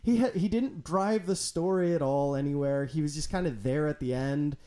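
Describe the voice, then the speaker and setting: A man chatting casually as a podcast co-host, animated, swearing freely and acting out quotes. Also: on the high side, moderate pace. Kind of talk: casual chat.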